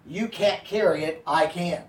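Brief: male pastor, high voice, conversational Bible teaching, echoey room mic at a distance. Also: unhurried. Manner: conversational, checks in with the audience.

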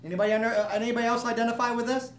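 A man's voice: extremely high pitch, little pitch movement, racing, slight background noise. Echoey distant man preaching. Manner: conversational, asks the room for agreement. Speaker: pastor. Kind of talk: sermon.

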